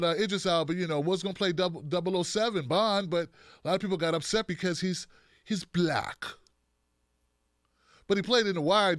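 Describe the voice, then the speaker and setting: A man hosting a political commentary show, talking in a blunt, animated, joking way with frequent restarts. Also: fairly high pitch, dry recording, studio quality.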